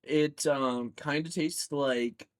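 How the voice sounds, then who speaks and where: A man's voice: on the high side, takes it slowly. Teasing man chatting on a podcast. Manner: teasing, animated storytelling. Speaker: podcast co-host. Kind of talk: casual chat.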